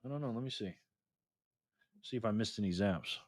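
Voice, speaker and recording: A man's voice: fairly low pitch, fairly quick, no room sound, studio quality. Chatty man hosting a live stream. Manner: laid-back, joking, chatty, reads chat aloud. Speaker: livestream host. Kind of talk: casual live-stream chat reading donations.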